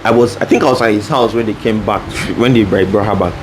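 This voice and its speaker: A man's voice: fairly low pitch, quick pace. A young man from Nigeria co-hosting a podcast, speaking casually with frequent restarts and fillers. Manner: hesitant, many restarts and fillers. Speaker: podcast co-host. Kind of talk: casual chat. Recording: faint background noise.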